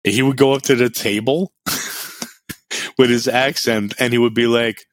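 A man's voice: medium pitch, a little slow. A middle-aged man chatting on a podcast, telling blunt, profane stories with lots of energy. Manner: animated storyteller, blunt and profane. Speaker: podcast co-host. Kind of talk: casual podcast chat.

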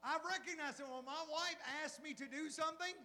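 A middle-aged man and pastor preaching a sermon, animated and full of rhetorical questions. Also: extremely high pitch, brisk, slight background noise. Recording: long hall reverb.

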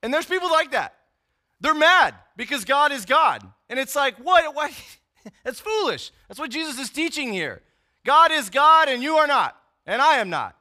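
A man's voice: very high voice, big pitch swings, moderate pace, sharp tone. A man preaching a sermon in a conversational, emphatic teaching style, often checking in with tag questions. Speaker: pastor.

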